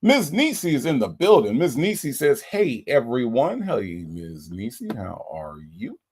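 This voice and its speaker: A man's voice: mid-range voice, wildly swooping pitch, a little slow, a little mellow, breathy edge. A man hosting a casual livestream, greeting viewers by name in a folksy, chatty way. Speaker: livestream host.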